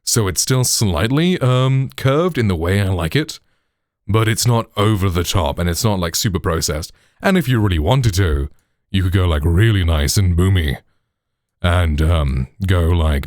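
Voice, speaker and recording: A man's voice: low voice, expressive, a little slow, a little mellow, no echo. A British man hosting a tech tutorial, explaining in a chatty way full of "like", "you know" and "right", through a processed studio microphone.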